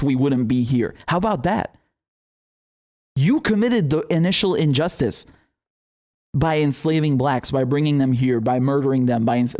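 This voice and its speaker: A man's voice: a little high, darkish tone. A young man hosting a political commentary show, talking casually with heated, profane, sarcastic outbursts and laughing asides.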